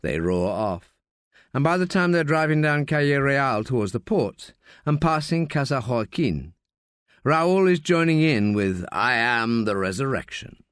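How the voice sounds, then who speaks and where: Slow, lively male audiobook narrator. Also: fairly high pitch, clear, resonant tone, no room sound, studio quality. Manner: slow, lively reading with voiced characters. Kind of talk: scripted narration.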